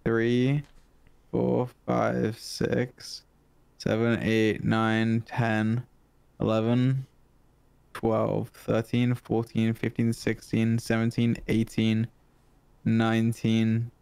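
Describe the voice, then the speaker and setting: A young man streaming a game with friends, teasing them and counting out loud in casual chat. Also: fairly low pitch, monotone, drawn-out words, creaky, clean tone, dry recording. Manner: counts aloud and reads friends' poems, teasing.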